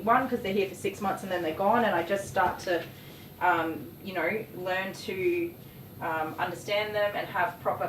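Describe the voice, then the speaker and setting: A woman chatting casually and rambling while she works as a dog groomer on a livestream. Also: mid-range voice. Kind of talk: casual chat while working. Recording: roomy, distant mic, faint noise.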